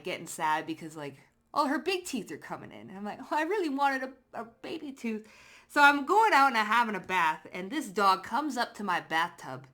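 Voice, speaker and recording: A woman doing a casual pick-a-card tarot reading, chatty and slangy, cursing freely and laughing as she talks straight to her viewers. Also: medium pitch. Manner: lively storytelling with frequent laughs. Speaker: psychic tarot card reader.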